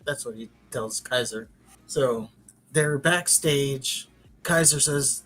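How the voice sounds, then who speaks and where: A man's voice: medium pitch, slow pace, fairly bright tone, faint music behind. A man hosting a podcast, giving a casual, rambling recap with frequent restarts. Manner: rambling, chatty retelling with restarts. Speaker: podcast host.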